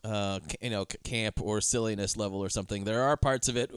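A man's voice: lowish voice, fairly even intonation, fast talker, clean tone, no echo, clean studio sound. A man co-hosting a movie podcast, chatting casually and rambling with lots of fillers and silly quoted bits. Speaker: podcast co-host. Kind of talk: casual chat.

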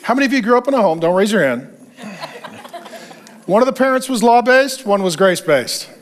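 His voice sits high and moves a little fast as this man, a pastor, preaches. The sermon is full of lively anecdotes in which he acts out the quoted lines himself.

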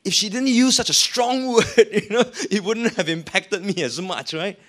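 A man's voice: high voice, moderate pace. A man preaching a sermon as a pastor, with an emphatic, rising and falling delivery.

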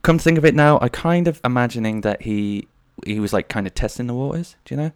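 He talks fast, with a smooth, medium-pitched voice: a thirtysomething man hosting a podcast alone. His delivery is rambling and full of jokes and silly voices, and the audio is dry and studio grade.

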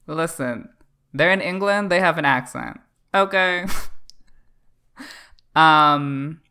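A man's voice: a little high, takes it slowly, bright, forceful tone, clean tone. A man from Canada in a casual comedic podcast chat, talking in a playful, campy, teasing way. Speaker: podcast co-host.

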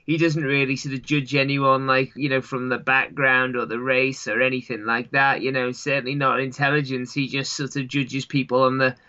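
An English man chats as the guest, rambling and leaning on "sort of" and "you know" between thoughts. His voice is bright and forceful. The recording sounds dull and lo-fi. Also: mid-range voice, little pitch movement, moderate pace, hardly any pauses. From England. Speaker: guest, long-distance runner. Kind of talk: casual interview chat.

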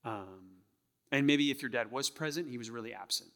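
A man's voice: medium pitch, moderate pace, fairly bright tone, big-room sound. A male pastor delivering a sermon in a conversational way, often checking in with the congregation. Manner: conversational, keeps asking the crowd "right?". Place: church sanctuary.

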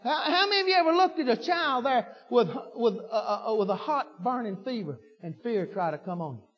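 A man preaching a sermon, folksy and fervent, repeating himself and building to shouts. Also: extremely high pitch, animated, fairly quick. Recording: dull lo-fi recording with long hall reverb.

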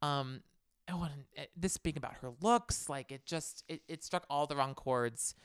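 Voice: medium pitch, moderate pace, clean tone, dry recording, studio quality. A podcast co-host chatting casually and giving opinions about a reality show.

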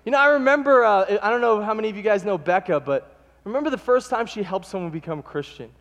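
Male pastor, lively storyteller, high-pitched, miked in a long-reverb sanctuary. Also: quick pace, lo-fi sound. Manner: animated storytelling, acting out quotes. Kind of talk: sermon. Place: church sanctuary.

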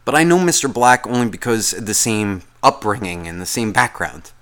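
A man's voice: on the low side, very animated, normal speed, fairly bright tone, clear, resonant tone. A man hosting a podcast, talking in a casual, rambling, profane monologue full of complaints. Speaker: podcast host.

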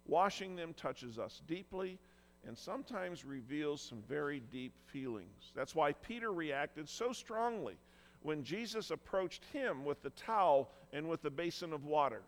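A man's voice: fairly high pitch, lively intonation, a little slow, in a large hall. A man preaching a sermon as pastor, earnest and emphatic, acting out quoted lines with feeling.

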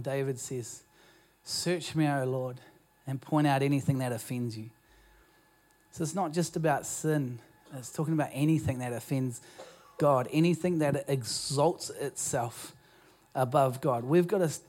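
A man's voice: mid-range voice, darkish tone. A man with a New Zealand accent preaching a sermon as pastor in a church, in a conversational, self-deprecating way with frequent restarts. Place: church auditorium.

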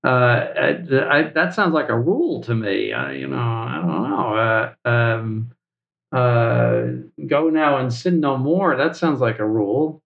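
An older man, a bishop guest, chatting in a halting way with many fillers. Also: medium pitch, animated, vocal fry. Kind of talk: casual chat. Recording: roomy, lo-fi sound.

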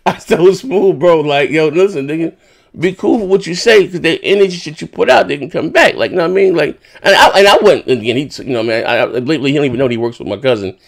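A man hosting a casual podcast, rambling through a story and swearing freely. His voice sits a little high. He gets animated and incredulous as he talks. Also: fast, creaky. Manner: rambling, profane, animated retelling. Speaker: podcast host. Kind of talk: casual chat.

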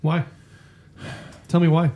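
A man's voice: a little high, monotone, slow pace, muffled recording. A man co-hosting a casual podcast over beers, joking and apologizing as he chats. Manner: jokey, laughing, self-deprecating. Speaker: podcast co-host. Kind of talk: casual chat.

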